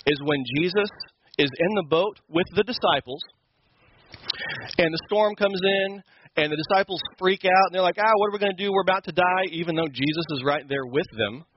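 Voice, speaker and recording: A man's voice: a little high, highs cut off, a little hiss or hum. A man teaching a Sunday school lesson, explaining scripture in an emphatic, conversational way. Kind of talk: Bible teaching.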